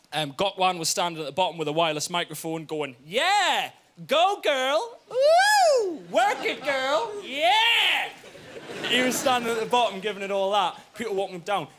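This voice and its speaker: A young man with a Geordie accent performing stand-up comedy, telling a story with lively "right?" asides. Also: high voice, a little hiss or hum. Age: young adult.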